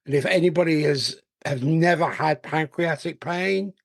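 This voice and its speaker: A man's voice: fairly high pitch, normal speed, creaky, no room sound, clean studio sound. A man hosting a podcast interview, sympathetic and conversational. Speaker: podcast host. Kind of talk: casual interview chat.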